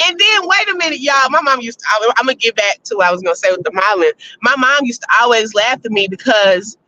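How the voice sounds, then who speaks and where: A woman hosting a casual live-stream chat, reading viewer votes and telling stories, animated and laughing often. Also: fairly high pitch, fast, a little hiss or hum. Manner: chatty, animated, laughs often, addresses listeners as y'all. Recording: slightly muffled lo-fi audio.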